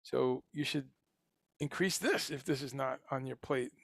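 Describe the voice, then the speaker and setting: A man's voice: mid-range voice, a little slow, gravelly, a bit bright, no room sound, clean studio sound. A man hosting a casual livestream, talking about food in a rambling, enthusiastic way with many fillers and restarts. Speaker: livestream host.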